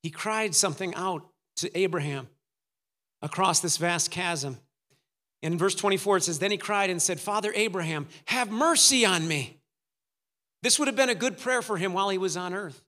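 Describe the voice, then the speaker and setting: A man's voice: high voice, moderate pace, pushed and bright, in a large hall. A man preaching a sermon, dramatic, acting out the voices of the story's figures. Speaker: pastor.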